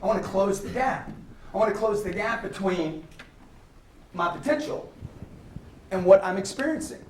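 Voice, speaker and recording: A man, giving an energetic motivational sales lecture and constantly checking in with his audience. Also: high-pitched, normal speed, pauses often, a little hiss or hum. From Louisiana, US. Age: 50s. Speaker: guest lecturer. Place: packed lecture hall. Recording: echoey hall from far off.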